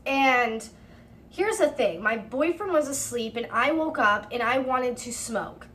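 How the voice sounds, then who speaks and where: A woman's voice: a little high, animated, takes it slowly, a bit bright. Heated, swearing young woman telling a story. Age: 20s. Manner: acts out her own side of arguments. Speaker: storytime vlogger. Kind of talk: casual storytime narration.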